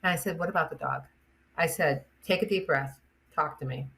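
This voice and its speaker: A middle-aged woman, a chiropractor guest, chatting in an interview and telling lively stories with acted-out quotes. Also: low voice, fairly quick, creaky. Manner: chatty, animated storyteller acting out quotes. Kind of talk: casual interview storytelling.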